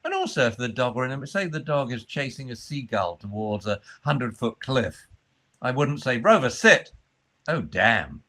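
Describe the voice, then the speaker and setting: A man explaining dog training in a conversation, acting out the voices he uses with dogs. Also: normal speed. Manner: acts out high fussy voices and low calm commands.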